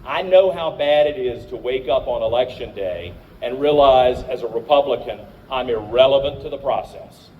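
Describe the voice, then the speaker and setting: A man's voice: mid-range voice, animated, moderate pace, hardly any pauses, far from the mic, muffled recording, slight background noise. A middle-aged man from Virginia, a candidate and radio host, giving an emphatic speech to a crowd at an outdoor rally. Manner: emphatic, rousing, addresses the crowd.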